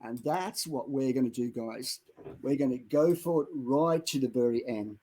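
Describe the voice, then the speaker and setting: A middle-aged man co-hosting a Christian show, preaching with dramatic retellings that build to loud exhortations. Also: medium pitch, moderate pace, rough recording. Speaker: co-host of a Christian online show. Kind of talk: impassioned preaching and storytelling.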